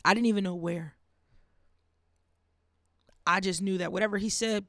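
Gravelly woman preaching on a podcast. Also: mid-range voice, fairly even intonation, moderate pace, pauses often, no echo, clean studio sound. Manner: earnest preaching with hushed emphasis. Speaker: podcast host. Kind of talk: faith-based podcast monologue.

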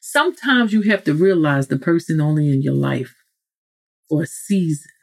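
A woman's voice: low-pitched, lively intonation, normal speed, gravelly. A woman hosting a motivational podcast monologue. She talks straight to the listener in a preachy way and often breaks off to correct herself. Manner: frequent self-corrections and asides. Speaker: podcast host.

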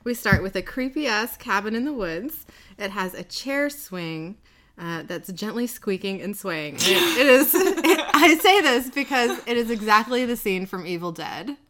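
A woman's voice: mid-range voice, sing-song, unhurried, fairly bright tone. A woman co-hosting a podcast, recapping an episode in casual chat and laughing often. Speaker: podcast co-host.

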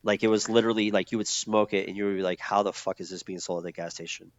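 Low-voiced man telling his story, dull recording. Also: fairly even intonation, fast talker, dry recording. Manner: loose and profane, many fillers and restarts. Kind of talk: candid conversational storytelling. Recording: dull lo-fi sound.

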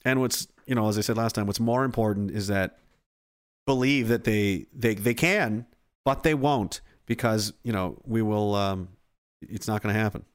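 Speaking at normal speed in a lowish voice, a man rambles through a casual monologue, profane throughout and often breaking off to start his sentences over.

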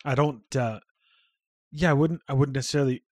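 A man, hosting a casual podcast chat, swearing freely and laughing between quick asides. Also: medium pitch, steady tone, dry recording, studio quality. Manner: loose and profane, laughs often, quick asides. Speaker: podcast host.

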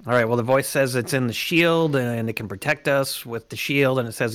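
A man's voice: mid-range voice, a little fast, hardly any pauses, a bit bright, dry recording. A man playing a tabletop game, talking hesitantly with many fillers. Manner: hesitant, filler-heavy talk. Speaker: player.

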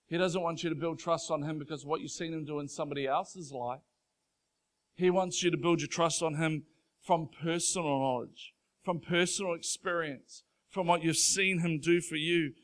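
A man's voice: fairly high pitch, steady tone, normal speed. A man preaching a sermon from a church stage, conversational and earnest, rising to emphatic passages. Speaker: pastor. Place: church stage before a congregation.

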